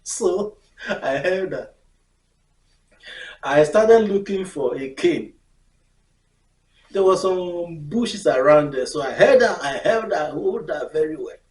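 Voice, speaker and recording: A woman telling a personal story in an expressive way, laughing often and acting out the scenes. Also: low-pitched, takes it slowly, long pauses, a little hiss or hum. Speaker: storyteller vlogger. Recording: echoey room, mic far off.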